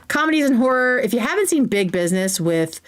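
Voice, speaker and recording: A woman's voice: on the high side, sing-song, brisk. Chatty woman hosting a livestream Q&A. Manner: chatty and enthusiastic, drifting into tangents. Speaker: livestream host. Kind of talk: casual livestream Q&A, reading viewer questions aloud.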